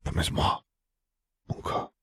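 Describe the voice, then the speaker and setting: A man voicing a tender young French woman who murmurs softly. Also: normal speed, no echo, studio quality, lightly acted. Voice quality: soft, murmuring.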